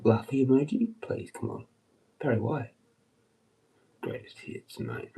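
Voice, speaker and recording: A man's voice: medium pitch, measured pace, creaky, mellow, low-quality recording. A man rambling crudely on a livestream, swearing often and slipping into muttered asides. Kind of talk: rambling casual livestream chat.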